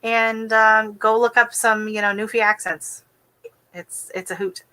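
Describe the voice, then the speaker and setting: A woman's voice: a little high, fairly even intonation, measured pace, sharp tone. A tired woman hosting a gardening live stream, chatting in a rambling, casual way. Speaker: gardening channel host.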